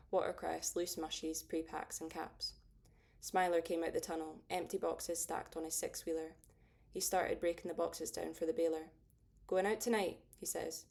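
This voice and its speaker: Low-voiced woman reading an audiobook. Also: flat delivery, normal speed, creaky, darkish tone. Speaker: audiobook narrator. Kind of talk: first-person audiobook narration.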